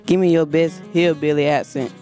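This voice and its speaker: A man's voice: fairly high pitch, flat delivery, normal speed, mellow, soft background music. A teenage boy hosting casual hallway interviews for a school news show, playful and joking. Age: teens. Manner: playful, goofs in a put-on drawl. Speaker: student hallway host.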